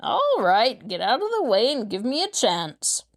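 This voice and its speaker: A woman's voice: on the high side, wildly swooping pitch, a little slow, a bit bright, heavily acted. A woman voicing a surly, complaining male robber henchman in an audiobook, sullen and defensive. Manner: sullen and whining. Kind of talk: audiobook character voice.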